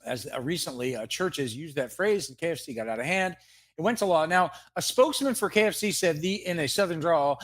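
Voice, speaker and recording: A man co-hosts a spoof newscast in a high, bright voice. He rambles from one gag to the next and laughs at his own jokes as he goes. The delivery is loose, live banter. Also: animated, normal speed. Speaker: co-host of a comedy news segment.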